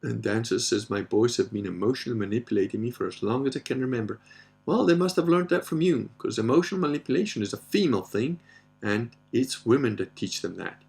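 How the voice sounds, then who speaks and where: A man's voice: medium pitch, expressive, quick pace, creaky, darkish tone. A man hosting a casual question-and-answer show, telling crude, profane stories and laughing often. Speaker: podcast host. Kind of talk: casual Q&A monologue.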